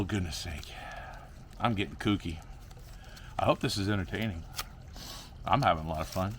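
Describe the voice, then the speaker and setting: This young plant grower chatters goofily to himself and his audience as he repots in a laid-back vlog. He speaks brisk and animated in a lowish, pushed, bright voice, over a slight hiss or hum.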